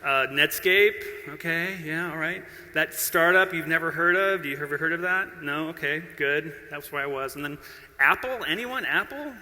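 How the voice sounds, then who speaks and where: A middle-aged man with a voice on the high side and a sharp tone gives a conference keynote at a moderate pace. Playful and quick to mock himself, he banters with listeners as long reverb fills the large hall.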